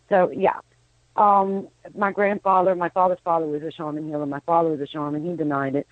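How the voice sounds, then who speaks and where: A woman's voice: low-pitched, brisk, dry recording. A woman in her fifties, a psychic medium guest, telling rambling stories on a radio phone-in, often restarting her sentences. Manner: rambling storyteller, frequent restarts. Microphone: telephone. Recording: tinny phone line.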